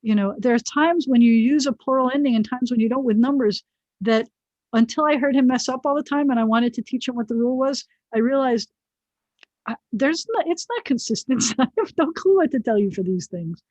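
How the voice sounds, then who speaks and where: A woman's voice: a little high, brisk, a little mellow, no room sound. A woman rabbi teaching a biblical Hebrew class online, chatting through the vocabulary with personal asides. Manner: chatty, digressive, explains word by word with asides. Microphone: video call. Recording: dull, dry video-call audio.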